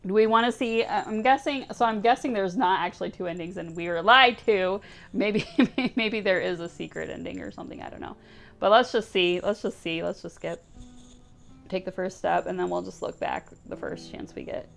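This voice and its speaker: A woman's voice: medium pitch, normal speed, vocal fry, a bit bright, soft background music. A woman hosting a gaming channel, giving emotional, chatty commentary on a game playthrough. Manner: emotional, chatty, laughs and sighs.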